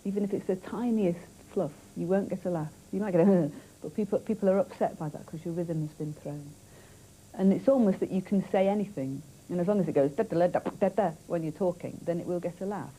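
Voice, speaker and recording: A woman calmly explains comic timing in an interview. Her voice is very dark and mellow, a little low in pitch, with a faint rumble behind her. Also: fairly quick, poor audio. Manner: thoughtful, explanatory. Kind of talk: interview commentary.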